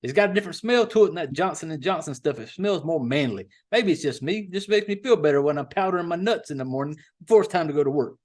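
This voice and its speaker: A man's voice: fairly high pitch, expressive, fast talker, hardly any pauses, a little mellow. Profane rambling sounding man. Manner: profane, rambling, folksy, with drawled slang. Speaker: podcast host. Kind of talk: casual rambling chat.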